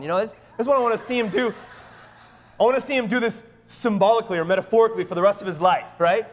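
A middle-aged man preaching a sermon in an animated, emphatic way, often checking in with the congregation by asking "right?". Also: high voice, fast talker, in a large hall. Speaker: pastor.

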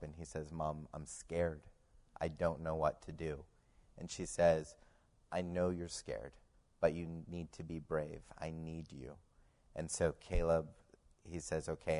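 A man telling his family's story as a personal faith testimony, halting with many fillers and growing much quieter in the tense parts. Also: low voice.

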